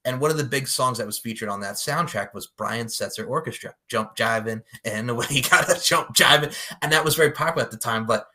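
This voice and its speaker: A man co-hosting a casual pop culture podcast, recapping a movie in a profane, animated way, laughing often and acting out the characters' lines. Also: mid-range voice, fairly quick, few pauses. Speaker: podcast co-host.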